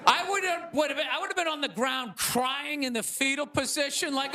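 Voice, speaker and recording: A man doing a sarcastic, ranting stand-up comedy monologue to a live audience, often shouting. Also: very high-pitched, brisk, few pauses, some chatter behind, a little hiss or hum. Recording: live stage with audience laughter. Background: audience laughter.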